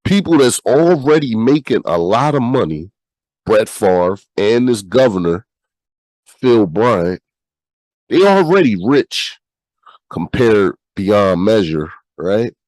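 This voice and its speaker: A sick American podcast host with a nasal, stuffy voice, talking bluntly and reading news aloud. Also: male voice, on the low side, lively intonation, slow pace, a little mellow, no room sound, poor audio. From United States. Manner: blunt, repeats himself, swears freely.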